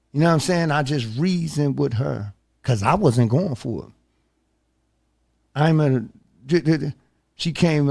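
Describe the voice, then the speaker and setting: Gravelly, animated man telling a story. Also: a little high. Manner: animated and emphatic, says "bro" often. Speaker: podcast host. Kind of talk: casual storytelling.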